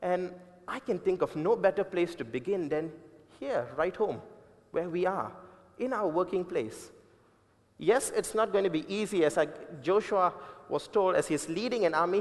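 A man preaching a sermon with emphatic, repeated points and deliberate changes of pace. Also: sits high, expressive. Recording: long reverb of a large hall.

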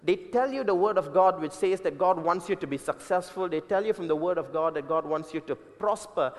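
A man preaching a sermon with emphatic, repeated points and deliberate changes of pace. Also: high voice. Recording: long reverb of a large hall.

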